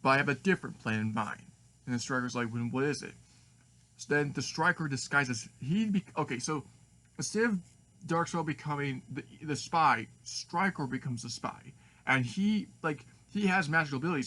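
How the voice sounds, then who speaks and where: A man's voice: a little high, a bit bright. A man rambling through a fan story idea with many restarts and fillers. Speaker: fan video maker.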